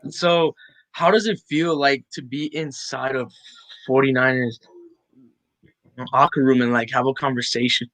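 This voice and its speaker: A man's voice: mid-range voice, fairly even intonation, a little slow, pauses often, a bit bright, poor audio. A man from El Paso, Texas, calling in to a show, asking questions hesitantly and searching for words. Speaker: caller. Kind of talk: casual call-in chat.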